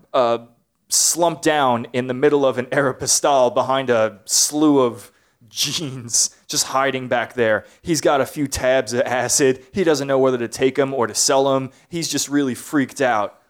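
Halting man reading a comedy script. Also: mid-range voice, clean tone. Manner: halting, many uhs, slowing to read. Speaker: podcast co-host reading stage directions. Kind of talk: casual comedy podcast, reading a script aloud.

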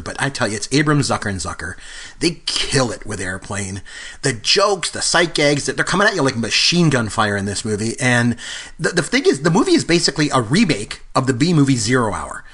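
A man's voice: mid-range voice, big pitch swings, fairly quick, bright, forceful tone, breathy edge. A man co-hosting a casual film podcast, talking about movies with eager, knowledgeable enthusiasm. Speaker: podcast co-host.

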